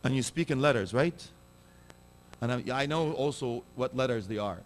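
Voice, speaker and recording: A man preaching a sermon, animated and direct, asking his listeners pointed rhetorical questions. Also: mid-range voice, normal speed, a little hiss or hum.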